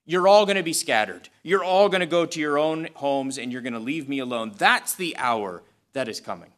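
A man's voice: a little high, animated, normal speed, a bit bright. A man preaching a sermon in a conversational but emphatic way, repeating phrases for stress and adding touches of humor. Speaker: pastor.

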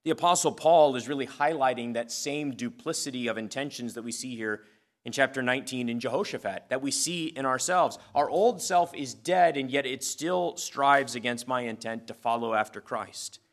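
A man's voice: medium pitch, normal speed. A man preaching a sermon as pastor, earnest, reading scripture aloud with occasional fillers.

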